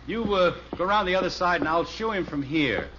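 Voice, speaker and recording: An actor playing a cheerful, patient father in 1950s radio acting, good-humored and coaxing, on a dull old radio recording with loud hiss. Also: high-pitched, animated, fairly quick. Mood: easygoing. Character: cheerful patient suburban father, grown man.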